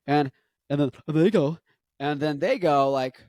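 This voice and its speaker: With a smooth, darkish mid-range voice at a moderate pace, this young musician-vlogger in his twenties talks casually for a long stretch. He meanders, leaning on fillers and fixing his own words, and the recording has no echo.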